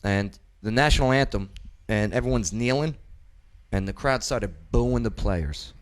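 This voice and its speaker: A man's voice: lowish voice, unhurried. A man hosting a talk show in a studio, chatting in an opinionated, casual way, often stammering and restarting words. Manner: animated, repeats words, frequent stammering restarts.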